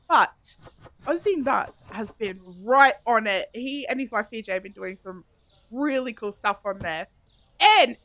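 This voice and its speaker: A chatty woman streams a game, talking straight to her viewers and giggling as she goes. Her voice sits high and lively. The sound is close and dry, with no room behind it. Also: no echo. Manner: chatty and giggly, talks to viewers while thinking aloud. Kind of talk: casual live-stream chat while playing.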